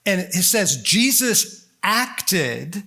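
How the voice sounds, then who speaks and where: A man giving a storytelling sermon at a conference, animated and joking as he acts out the scenes. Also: high voice, very slow, creaky, husky. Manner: animated and joking, acting out quotes. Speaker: conference speaker.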